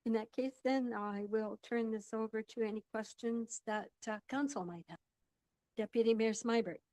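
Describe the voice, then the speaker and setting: Woman mayor running a council meeting, higher voice, polite and procedural, dry mic. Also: moderate pace, warm tone, no room sound.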